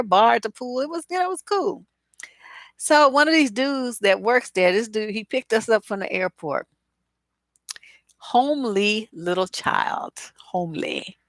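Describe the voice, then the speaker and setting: A woman's voice: on the low side, fairly bright tone, no room sound. A woman relationship coach answering viewer questions on a live stream in a blunt, profane, acerbic way, full of asides and mock dialogue. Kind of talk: live-stream advice chat.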